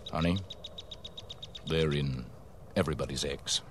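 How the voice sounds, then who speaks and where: Man as a pompous, grave general, low voice, noisy recording. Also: steady tone, measured pace. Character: pompous general addressing his men.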